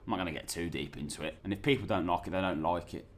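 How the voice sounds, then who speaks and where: A man's voice: low-pitched, rapid-fire. A young man, talking in a chatty, rambling and sweary way in a casual travel vlog. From England. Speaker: vlogger.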